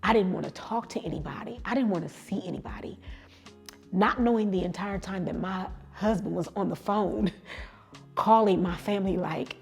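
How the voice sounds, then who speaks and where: A woman's voice: mid-range voice, gravelly, faint music behind. A middle-aged woman telling a personal story with emotion, acting out the dialogue in it. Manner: emotional, reenacts dialogue with quick asides. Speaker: guest telling her story.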